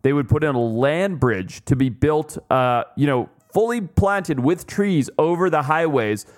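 A man's voice: fairly high pitch, a little slow. Chatty man telling stories on a podcast. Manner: chatty storyteller with many fillers. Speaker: podcast co-host. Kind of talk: casual chat.

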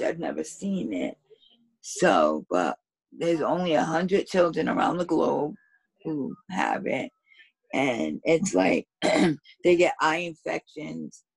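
A hoarse woman co-hosting a casual chat podcast, her voice low-set and gravelly with a husky edge. She talks slowly in halting bits, close and dry on the mic. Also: a little mellow, dry recording, rough recording. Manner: slow, halting delivery with many pauses. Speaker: podcast co-host.

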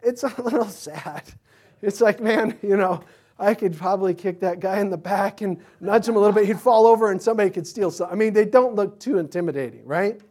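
Fairly quick and high-pitched, this male pastor gives a chatty sermon that blends Bible passages with humorous asides from daily life, his enthusiasm occasionally leaping up in the middle of a thought.

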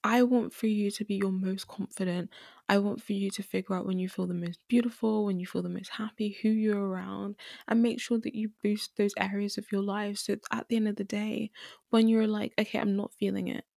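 A woman's voice: medium pitch, level tone, a little fast, creaky, a little mellow, dry recording. Young female podcast host, earnest and teary, dry close sound. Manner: earnest, emotional, repeats herself for emphasis. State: tearful at times. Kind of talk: candid solo podcast talk.

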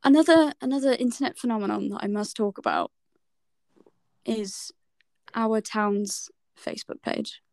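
Brief: young West Country woman, podcast co-host, bright higher voice, dry close mic, swears, mimics people. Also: moderate pace, creaky, no echo. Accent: West Country English. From West Country, England. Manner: swears freely, acts out quoted people with laughs. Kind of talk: casual chat.

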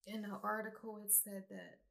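Woman, vlogger, casual spiritual talk, earnest, emphatic, mid-pitched voice. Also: flat delivery, moderate pace, fairly bright tone. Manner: earnest and emphatic, talks straight to viewers. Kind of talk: casual spiritual monologue to camera.

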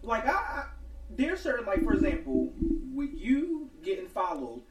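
Podcast co-host in his twenties, man, high animated voice, roomy sound. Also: normal speed, a little hiss or hum. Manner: rambling, lots of "like". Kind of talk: casual chat.

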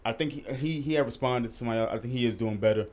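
A man's voice: medium pitch, rapid-fire, a little mellow. A young man hosting a casual podcast, telling stories with heavy swearing and voice jumps when he gets outraged. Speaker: podcast host. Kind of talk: casual chat.

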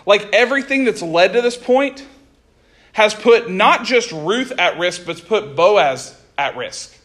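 A man preaching a sermon, reading scripture and retelling it in a conversational, animated way with casual asides. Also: high voice, unhurried.

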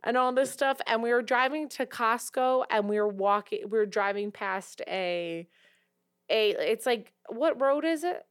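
A woman co-hosting a podcast in casual chat, giggly and animated as she tells stories, on a close mic. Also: on the high side, unhurried, smooth, no room sound. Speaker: podcast co-host.

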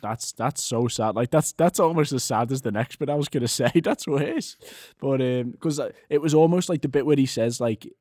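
Brief: male co-host, middle pitch, animated and giggly, dry close recording. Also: normal speed, hardly any pauses, dry recording. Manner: animated, laughs often, many fillers and restarts. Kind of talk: casual chat.

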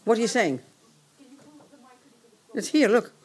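An English woman leads a hybrid group session in a meeting room, with a live audience present and remote listeners too. Her fairly high voice is sing-song and darkish, moving slowly. She rambles and cuts herself off while sorting things out.

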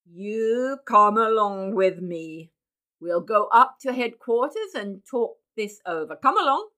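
A woman's voice: medium pitch, expressive, takes it slowly, bright, forceful tone. Woman voicing a blustering army colonel. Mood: commanding. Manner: barking orders. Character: blustering male army colonel, gruff and commanding.

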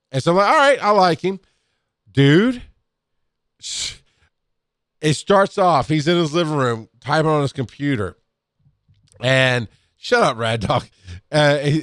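A middle-aged man co-hosting a podcast, telling a story in casual chat, swearing freely and loudly acting out quotes. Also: on the high side, dry recording, studio quality. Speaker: podcast co-host.

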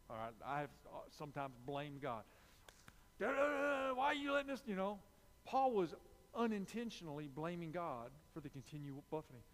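A man's voice: medium pitch, long reverb tail, a little hiss or hum. A man preaching a sermon, repeating key phrases with emphasis and dropping into confessional asides.

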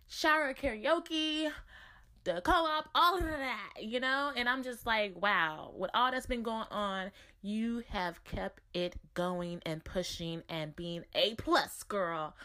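A woman with a bright, fairly high voice records an emphatic, encouraging voice message greeting. She talks at an easy, unhurried pace. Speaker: podcaster guest sending a voice message.

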